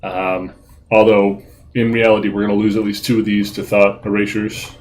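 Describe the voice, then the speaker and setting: A man giving relaxed, casual commentary over his card game play, with frequent ums and uhs and a self-deprecating tone. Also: on the low side, moderate pace, a little hiss or hum, rough recording. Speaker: gaming video host.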